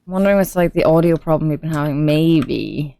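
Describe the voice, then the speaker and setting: A woman's voice: deep voice, fast talker, vocal fry, mellow, no echo. A woman streaming a game, chatting casually with a friend and her viewers in a rambling, giggly way. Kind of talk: casual gaming stream chat.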